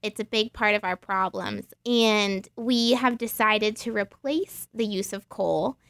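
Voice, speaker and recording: A woman's voice: mid-range voice, unhurried, fairly bright tone, no room sound, studio quality. A woman playing an earnest climate advisor in a comic radio sketch, speaking in an official manner. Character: earnest female climate advisor to the North Pole.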